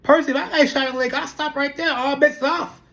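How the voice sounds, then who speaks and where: A young adult speaker, chatting straight to camera. The talk is loose and animated, looping through rhetorical questions and repeated fillers. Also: high voice, fast talker. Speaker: vlogger. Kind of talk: casual talking-to-camera monologue.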